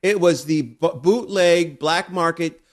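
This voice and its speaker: A man's voice: a little high, measured pace. A man hosting a podcast, playful and teasing, often incredulous in casual chat. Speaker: host.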